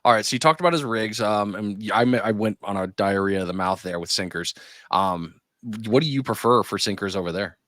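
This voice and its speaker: A man's voice: fairly low pitch, brisk, fairly bright tone, no room sound, clean studio sound. A man hosting a fishing podcast, chatty and jokey, telling stories and laughing easily. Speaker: podcast host. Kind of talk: casual podcast interview.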